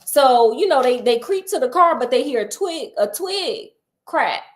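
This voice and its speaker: A woman's voice: sits high, expressive, a little slow. Sassy, chatty woman storyteller. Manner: sassy, chatty, laughing asides. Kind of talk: casual comedic book retelling.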